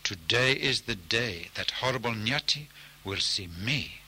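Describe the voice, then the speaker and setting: A man voicing a vengeful male grass fire spirit in a storybook tale, speaking loudly and insistently. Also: fairly low pitch, lively intonation, measured pace, slightly rough, full character voice.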